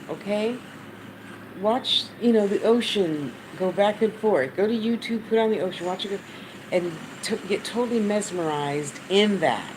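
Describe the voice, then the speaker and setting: A woman with an American accent giving casual, blunt spiritual advice to her viewers, swearing freely as she talks. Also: mid-range voice. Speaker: spiritual channel host. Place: at home, fan running. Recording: noisy fan and traffic behind.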